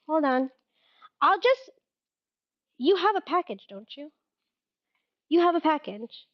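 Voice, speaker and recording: A woman with a high, bright-pitched voice chats through a live-stream sale, giggling and laughing at her own mix-ups. The sound is a little dull and lo-fi. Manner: giggly, chatty, laughs at herself. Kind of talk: casual live-stream selling chat.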